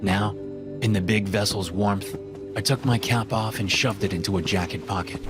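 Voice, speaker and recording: Low-voiced man narrating a horror story. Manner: steady, measured storytelling. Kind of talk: first-person scripted horror narration. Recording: voice-over with loud music behind.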